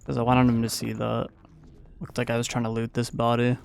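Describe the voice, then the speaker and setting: A man's voice: mid-range voice, monotone, brisk, gravelly, a little hiss or hum. A man giving a casual, playful play-by-play voice-over of his own gameplay as a gaming YouTuber.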